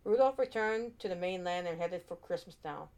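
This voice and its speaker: A woman reads a children's storybook aloud in an expressive way, with small slips and restarts. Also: lowish voice, moderate pace.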